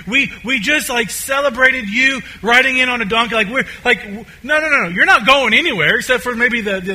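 A man voicing anxious male disciples who protest loudly that their teacher cannot leave. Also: very high-pitched, voice pushed up, full character voice. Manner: excited rapid protest.

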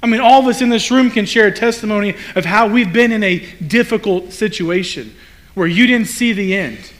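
A man's voice: high voice, brisk, fairly bright tone. A man preaching a sermon to a room of people, speaking conversationally with rhetorical questions and acted-out quotes. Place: room with a congregation.

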